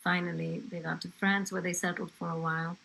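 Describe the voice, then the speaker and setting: A woman's voice: on the low side, little pitch movement, brisk, gravelly, a bit bright, rough recording. An older woman from England telling her grandchild family stories in a conversational way, with fillers and asides. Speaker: interviewee, grandmother. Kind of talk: family history storytelling.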